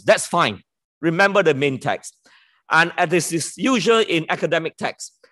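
A man preaching a sermon, repeating key words and leaning hard on them, with a self-deprecating touch. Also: on the high side. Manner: lively, emphatic pulpit delivery with sudden drops on key words.

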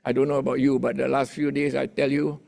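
Gravelly man preaching. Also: mid-range voice, level tone, fast, darkish tone. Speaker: pastor. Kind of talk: sermon.

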